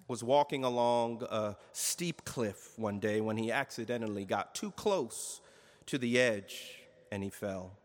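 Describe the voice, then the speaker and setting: Slow-preaching pastor in echoing hall. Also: male voice, mid-range voice, a bit bright. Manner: slow, emphatic preaching with dramatic pauses. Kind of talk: sermon. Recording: long reverb of a large hall.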